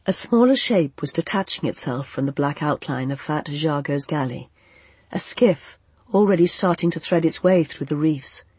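Audiobook narrator, soft expressive fantasy reading, mid pitch, dry close sound. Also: normal speed, breathy edge, no room sound.

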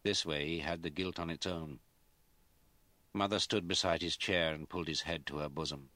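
A man narrating a period novel in a measured, even storytelling manner. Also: extremely low pitch. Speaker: audiobook narrator. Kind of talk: scripted narration.

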